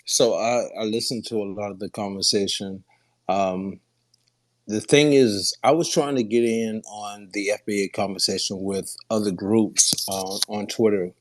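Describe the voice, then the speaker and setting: A man from Charleston with a Gullah Geechee accent, calling in and talking earnestly, laughing often. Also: fairly low pitch. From Charleston, South Carolina. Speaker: caller. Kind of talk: casual call-in chat.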